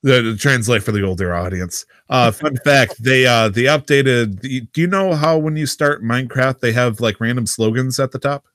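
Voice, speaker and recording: A man co-hosting a casual gaming podcast, joking around with drawn-out uhs and a voice that jumps up when he kids. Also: medium pitch, a bit bright, no room sound, studio quality. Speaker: podcast co-host.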